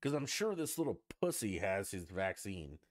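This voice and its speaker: Man, podcast host, low voice, lively swooping delivery, profane sarcastic rant. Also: normal speed. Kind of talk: ranting solo podcast monologue.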